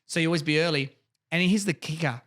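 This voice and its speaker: A man's voice: a little high, fast talker, a bit bright. A man co-hosting a podcast in casual chat, blunt and emphatic, swearing freely. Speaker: podcast co-host.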